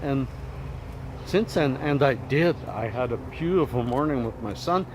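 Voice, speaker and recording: A man's voice: mid-range voice, animated, measured pace. A middle-aged man vlogging casually on a walk outdoors, rambling in a laid-back, self-deprecating way, filmed on a phone camera. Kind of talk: casual vlog monologue while walking. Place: outdoors walking toward a river. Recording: outdoor phone recording with traffic noise.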